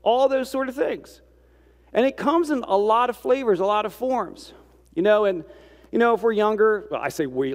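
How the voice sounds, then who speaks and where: Man, high-pitched, easygoing devotional speaker who asks the audience questions and teases himself, long room echo. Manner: rhetorical questions and self-deprecating asides. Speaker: speaker giving a reflective Christian talk. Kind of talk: conversational devotional talk.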